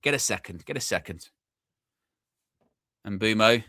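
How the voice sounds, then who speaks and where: A young man hosting a live football watchalong, chatty and excitable, shouting when his team scores. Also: fairly low pitch, unhurried, long pauses, no room sound, studio quality. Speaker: fan watchalong host.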